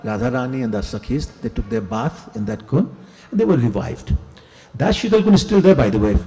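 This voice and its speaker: A man's voice: medium pitch, warm tone, poor audio. A man giving a devotional sermon, telling stories in a conversational, self-correcting way. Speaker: temple speaker.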